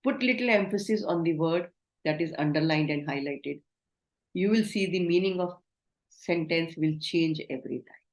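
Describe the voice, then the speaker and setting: A woman's voice: low voice, moderate pace, darkish tone. A woman giving an online training lecture, instructive and asking the class questions. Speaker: communication trainer. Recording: roomy echo.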